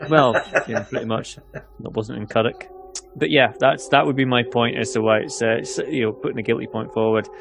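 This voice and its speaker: A man's voice: medium pitch, fairly even intonation, a little fast, vocal fry, music in the background. A man from near the Scottish border, co-hosting a podcast in casual, jokey chat with sarcastic asides. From England, near the Scottish border. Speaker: podcast co-host.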